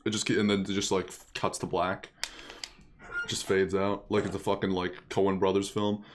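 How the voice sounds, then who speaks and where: A man's voice: low-pitched, little pitch movement, moderate pace, a little hiss or hum. A man streaming a video game, joking and swearing casually as he reacts and reads along. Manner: swears freely, laughs at the game. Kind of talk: casual gameplay commentary.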